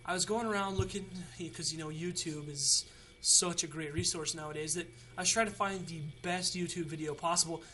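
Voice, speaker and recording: Young guy doing a how-to vid, chatty, keeps restarting, kinda sharp bright voice. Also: a little high, steady tone, brisk, few pauses, slight background noise. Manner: rambling, chatty, many restarts. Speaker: tutorial host. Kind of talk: casual how-to video.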